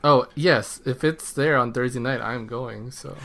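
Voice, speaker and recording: Laid-back podcast co-host, man, mid pitch, short agreeing replies. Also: unhurried, gravelly, pushed and bright. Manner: brief agreeing replies, easygoing. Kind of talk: casual chat.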